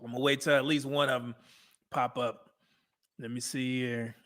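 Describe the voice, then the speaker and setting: A man's voice: mid-range voice, flat delivery, normal speed, bright, forceful tone. A man hosting a casual live stream, reacting to old dating show clips, laughing often and reading out chat messages.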